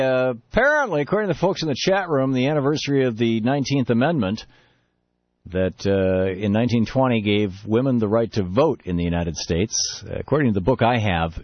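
A man hosting a talk radio show in a relaxed, chatty way, laughing easily. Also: mid-range voice, fairly quick, no room sound. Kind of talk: casual talk radio chat. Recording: dull lo-fi radio broadcast.

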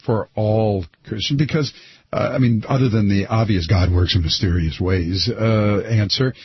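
Halting husky man hosting talk radio. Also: on the low side, dry recording, muffled recording. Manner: halting, many fillers and restarts. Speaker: radio talk show host. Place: radio studio.

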